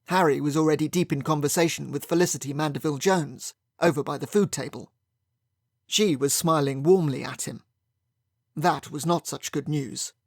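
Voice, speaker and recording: A man's voice: fairly high pitch, moderate pace, dry recording, clean studio sound. A man narrating a first-person mystery audiobook in a wry, sardonic manner.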